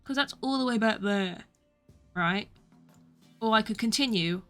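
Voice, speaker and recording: A woman's voice: mid-range voice, unhurried, a bit bright, soft background music. A young British woman streaming a game, chatting casually, mocking herself and laughing often. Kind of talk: casual gameplay commentary.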